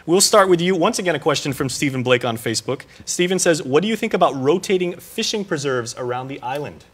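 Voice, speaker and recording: A man from Guam hosting a televised political talk show, moderating questions in a brisk, upbeat way. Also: a little high, lively intonation, husky.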